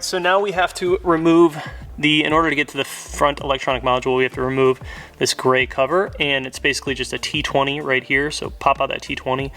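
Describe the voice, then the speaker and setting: A man's voice: mid-range voice, fairly bright tone. A man hosting a casual how-to, talking viewers through each step in a chatty, upbeat way. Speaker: car mod tutorial host.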